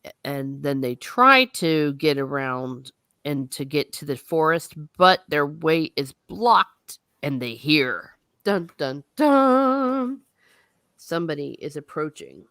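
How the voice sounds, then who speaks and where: Woman host, low-pitched and leisurely, casual plot recaps with the odd swear word. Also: expressive, measured pace, pushed and bright, dry recording, clean studio sound. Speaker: book discussion host. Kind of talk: casual book discussion.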